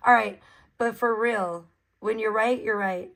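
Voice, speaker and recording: A woman's voice: fairly high pitch, fairly even intonation, unhurried, vocal fry, a bit bright, low-quality recording. A woman hosting a livestream, giving blunt, profane, mocking commentary in a casual ranting style.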